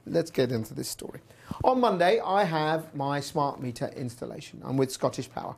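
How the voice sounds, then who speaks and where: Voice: medium pitch, animated, moderate pace, gravelly, breathy edge. A presenter telling a personal story in a chatty, wry way while hosting a news show. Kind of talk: casual news commentary.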